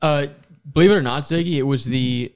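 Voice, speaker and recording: Brief: male co-host, middle pitch, animated fan anecdotes. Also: a little fast, clear, resonant tone. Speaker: podcast co-host. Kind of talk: casual sports talk.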